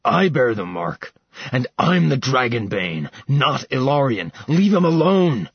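A man voicing a stubborn, protective man who speaks forcefully and insistently in audiobook narration. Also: medium pitch, big pitch swings, measured pace, gravelly, breathy edge, no room sound, lo-fi sound, heavily acted.

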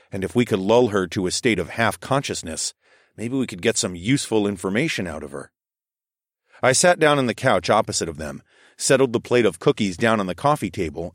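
A man narrating an audiobook in the first person and voicing the lead character, in a calm, measured way. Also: fairly low pitch, no room sound, studio quality.

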